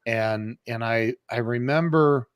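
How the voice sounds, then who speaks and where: A man's voice: medium pitch, slow, clean tone, no echo, clean studio sound. Man in his 50s telling his story. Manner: animated storyteller with frequent restarts and fillers. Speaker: podcast guest, entrepreneur. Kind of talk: conversational life storytelling.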